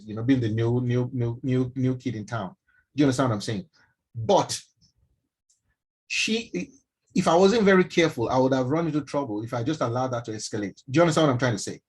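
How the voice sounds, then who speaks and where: A man with a Nigerian accent gives an animated mentoring talk on a live stream and often asks his listeners questions. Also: medium pitch, breathy edge, poor audio. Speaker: mentor speaking to young people.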